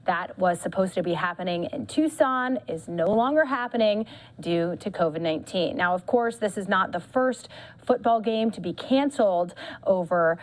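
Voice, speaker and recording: A woman's voice: fairly low pitch, lively intonation, normal speed, poor audio. A woman news anchor presenting live in a chatty, loose way, with many fillers.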